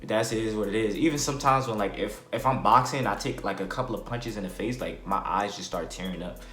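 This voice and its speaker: In a room with echo and faint background music, a young man rattles off a storytime vlog in slang. He talks fast in a lowish voice, acting out quotes and sound effects as he retells what happened.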